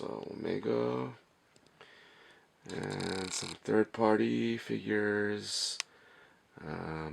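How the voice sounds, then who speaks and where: A young man speaking quietly and in a monotone, with many fillers, as he shows his toy collection in a messy room late at night. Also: sits low, vocal fry, a little hiss or hum. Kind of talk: casual walkthrough vlog.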